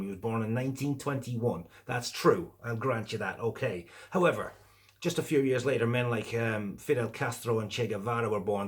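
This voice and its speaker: Sarcastic, swearing middle-aged Midlands man. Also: fairly low pitch. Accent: English Midlands. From English Midlands. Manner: sarcastic, heavily profane, indignant. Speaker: political commentator. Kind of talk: angry opinion rant.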